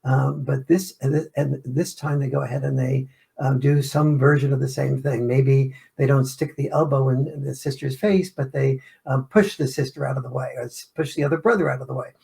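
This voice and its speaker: Brief: gravelly male author guest, explanatory, acts out examples. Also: medium pitch, fairly even intonation, moderate pace, dark tone. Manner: explanatory, illustrates points with acted-out family scenes. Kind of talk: interview answers.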